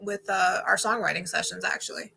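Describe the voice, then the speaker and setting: A woman's voice: on the low side, brisk, gravelly, pushed and bright, a little hiss or hum. A woman hosting a podcast, asking rambling, chatty questions in a casual interview. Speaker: podcast host.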